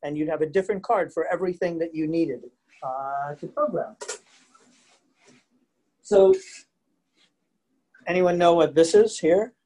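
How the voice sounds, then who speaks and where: Male museum educator, chatty and animated, live virtual lecture on a video call. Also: fairly high pitch, measured pace, long pauses. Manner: chatty, animated, asks the audience questions. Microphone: computer mic on a video call.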